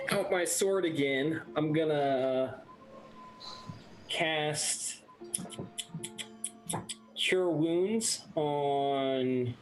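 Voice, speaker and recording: A man playing in a casual tabletop game, slowly talking through his character's moves. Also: fairly high pitch, low-quality recording. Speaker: player.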